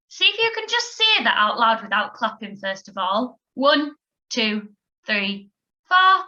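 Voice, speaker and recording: A woman gives a children's music lesson on video at an unhurried pace. Her voice is bright and fairly high, patient and encouraging as she counts the class in. The recording sounds slightly dull and lo-fi. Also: big pitch swings. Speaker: primary school music teacher.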